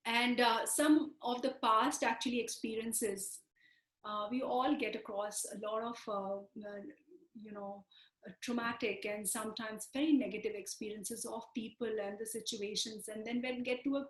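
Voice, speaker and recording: A woman teaching a self-help exercise, repeating phrases slowly to guide the listener. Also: fairly high pitch, steady tone, roomy sound, rough recording. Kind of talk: instructional self-help talk.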